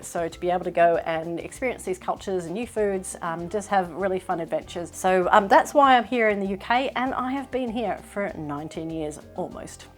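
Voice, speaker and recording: A middle-aged woman from Australia with a slightly British-tinged Australian accent, chatting casually to camera as a sewing vlogger, self-deprecating and quick to laugh. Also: mid-range voice. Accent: Australian with some British influence.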